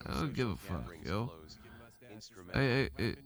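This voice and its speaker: Slow, meandering man on a solo podcast. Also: on the low side, big pitch swings. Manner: meandering, trailing off, frequent restarts and fillers; loose, profane and self-deprecating. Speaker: podcast host. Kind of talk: rambling solo podcast monologue.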